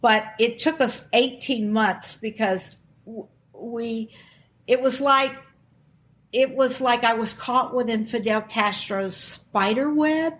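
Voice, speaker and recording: Older woman telling a lively story. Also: on the high side, slow pace. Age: 60s. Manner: animated, acts out quoted dialogue. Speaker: guest. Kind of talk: personal storytelling.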